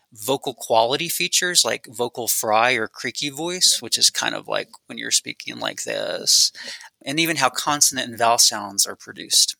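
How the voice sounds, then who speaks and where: Man, speech researcher, very bright sharp voice, dry close sound, measured academic explaining. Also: medium pitch, vocal fry, no room sound, low-quality recording.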